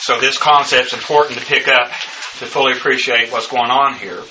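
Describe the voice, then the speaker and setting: A man teaching a bible study lecture, working through numbered notes and pausing often on filler sounds. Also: medium pitch, steady tone. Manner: halting, many filler uhs. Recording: distant mic with faint background noise.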